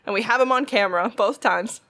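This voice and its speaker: A woman tells a workplace story in a lively, swear-filled chat. Her voice sits a little high, and she acts out each person's lines with gusto. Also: brisk. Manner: animated, swears freely, acts out quotes. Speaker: retail worker telling a story.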